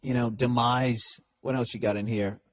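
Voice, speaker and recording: A man with a Boston accent hosts a podcast, reading out a listener's letter and tearing into it with crude, sarcastic jabs. His voice sits at an ordinary pitch. The sound is close and dry, with no room echo. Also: fairly even intonation, moderate pace. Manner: sarcastic, profane, incredulous. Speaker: podcast host. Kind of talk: reading and mocking listener mail.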